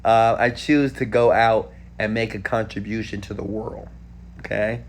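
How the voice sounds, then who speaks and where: Man from houston, live-stream q&a host, animated, talks right to viewers, faint hum behind. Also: on the low side, unhurried. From Houston, Texas. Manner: animated, talks straight to viewers with frequent "okay?". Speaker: entrepreneur answering live chat questions.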